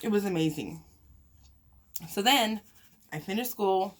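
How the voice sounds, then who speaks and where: A woman's voice: mid-range voice, expressive, unhurried. A young woman vlogger telling a personal story in casual chat while eating, emotional and chatty, sighing and laughing often. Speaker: mukbang vlogger.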